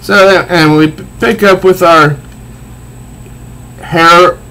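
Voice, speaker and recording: Slow, rambling male comic reviewer. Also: high-pitched, fairly even intonation, sharp tone, low-quality recording. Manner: rambling, many restarts, easygoing.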